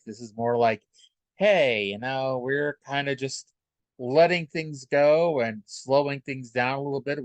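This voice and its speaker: A man's voice: medium pitch, no room sound. Man, podcast host, wry and rambling, close dry mic. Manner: rambling and wry, many fillers. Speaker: podcast host reviewing old wrestling shows. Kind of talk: casual solo podcast recap.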